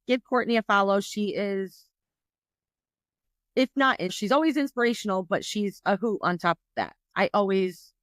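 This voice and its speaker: A woman's voice: medium pitch, normal speed, fairly bright tone, no room sound. A woman from New York State hosting a podcast interview, chatty and upbeat with lots of casual fillers. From New York State, USA. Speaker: podcast host.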